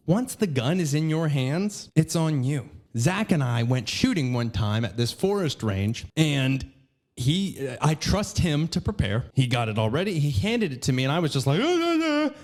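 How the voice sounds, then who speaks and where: Brief: young male podcast host, profane rant, high pitched, animated. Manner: profane, ranting, scattered. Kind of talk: casual ranting commentary.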